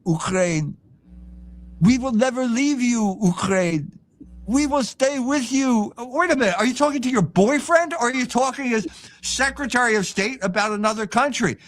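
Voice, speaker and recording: A man's voice: sits high, fairly bright tone. An older man, a guest author on a live stream interview, lecturing in an opinionated, emphatic way. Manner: opinionated, emphatic lecturing with mocking quoted voices.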